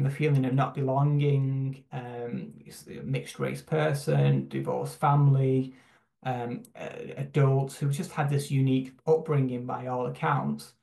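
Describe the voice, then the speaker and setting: Reflective man, gravelly, roomy echo. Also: mid-range voice, darkish tone. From United Kingdom. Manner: reflective, halting, with frequent fillers and restarts. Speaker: church human rights team member. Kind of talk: personal testimony talk on a video call. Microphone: video call. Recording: roomy echoing sound.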